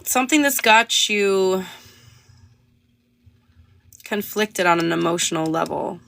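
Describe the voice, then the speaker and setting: A woman's voice: mid-range voice, expressive, slow, vocal fry, fairly bright tone, a little hiss or hum. A young woman chatting casually on a livestream while reading tarot cards, rambling with lots of fillers. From Canada. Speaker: tarot reader.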